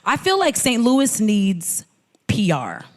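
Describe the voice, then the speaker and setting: Lively woman telling stories in a reverberant hall. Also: fairly high pitch, slow pace. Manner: lively storyteller, quotes people in voices. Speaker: guest musician. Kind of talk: artist talk conversation. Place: hall at a museum.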